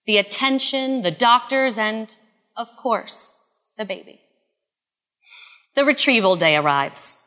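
Woman in her 30s, earnest storyteller, hushed confessional delivery, long reverb. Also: on the high side, lively intonation, slow pace, long pauses. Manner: earnest, confessional, often dropping to a hush. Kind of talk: live personal storytelling.

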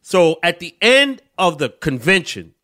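Bright, lively-voiced man swearing. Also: high voice, measured pace. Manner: profane, laughing, animated storytelling. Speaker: podcast co-host. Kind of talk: casual comedic banter.

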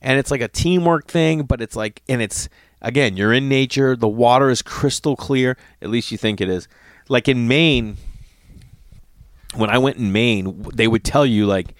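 A man's voice: mid-range voice, normal speed, no room sound, studio quality. A man telling a rambling travel story, swearing freely and acting out what people said. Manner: profane, animated, acts out quotes. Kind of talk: casual storytelling monologue.

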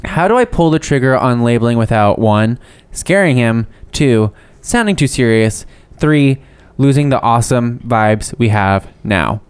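A male podcast co-host in loose, playful chat, laughing often as he reads listener mail and ad copy. His pitch swoops about lively while his voice stays smooth and clear. The talk is relaxed and chatty throughout. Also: unhurried, few pauses. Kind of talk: casual chat, reading listener letters and an ad.

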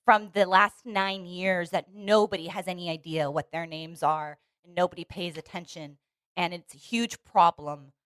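A woman's voice: fairly low pitch, steady tone, moderate pace, a bit bright, clean tone, no echo. A woman co-hosting a casual podcast chat, earnest and opinionated, restarting her sentences often. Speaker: podcast co-host. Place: Los Angeles.

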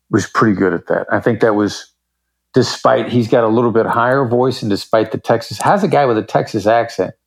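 A man being interviewed as a negotiation expert, talking in a confident, emphatic way and acting out short examples as he explains. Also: medium pitch. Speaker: podcast guest, negotiation expert. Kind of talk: conversational interview.

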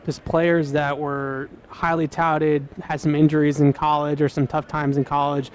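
A man's voice: on the high side, flat delivery. Man breaking down practice plays. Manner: analytical, measured. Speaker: podcast co-host. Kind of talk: live practice analysis. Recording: faint background noise.

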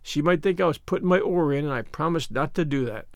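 A man reading an audiobook, voicing a shy, kindly old farmer who coaxes gently and hesitantly. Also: a little high, fast, dry recording, studio quality, close to an everyday voice. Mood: coaxing.

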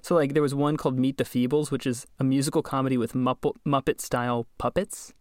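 A man hosting a podcast, telling a story in casual chat, wry and quick to laugh. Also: medium pitch, steady tone, no echo, studio quality. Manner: chatty, wry, laughs often. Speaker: podcast host.

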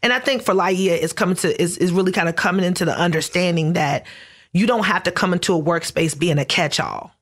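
A woman's voice: on the low side, a little fast, a bit bright. A woman co-hosting a podcast, who lays out her points emphatically in casual chat. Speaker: podcast co-host.

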